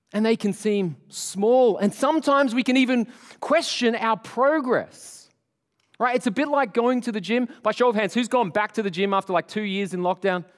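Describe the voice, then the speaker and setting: A man preaching a sermon to a congregation, casual and joking, talking straight to the people in front of him. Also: high voice. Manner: animated, conversational, joking with the congregation. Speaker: pastor. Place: church. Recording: long hall reverb.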